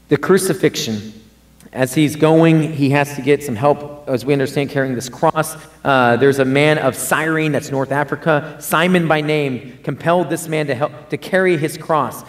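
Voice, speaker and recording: A man preaching a sermon in a conversational way, often repeating and restarting words and rising for emphasis. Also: mid-range voice.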